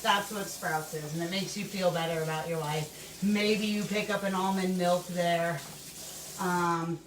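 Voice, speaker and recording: A woman's voice: on the low side, steady tone, measured pace, a little hiss or hum. A woman hosting a casual cooking show in her home kitchen, rambling, swearing and laughing as she cooks. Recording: roomy room, mic at a distance.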